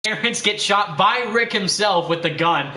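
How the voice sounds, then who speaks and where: Excitable high-voiced young man streaming. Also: normal speed. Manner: excitable, laughs often, quotes movie lines. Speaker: streamer hosting a game livestream. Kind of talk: casual chat with a friend. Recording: echoey room with faint background noise.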